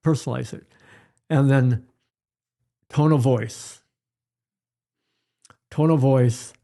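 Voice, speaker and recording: Older male pediatrician guest; relaxed, drawn-out delivery, mellow voice, acts out examples. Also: mid-range voice. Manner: unhurried, storytelling, acts out examples. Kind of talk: advice-giving interview chat.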